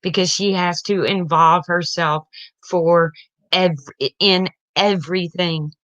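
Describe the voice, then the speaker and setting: A woman's voice: on the low side, fairly even intonation, takes it slowly, a bit bright, dry recording. A middle-aged woman venting about her family in an emotional personal rant, blunt and heated, tearful at times. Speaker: parent venting online. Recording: dull lo-fi sound, dry.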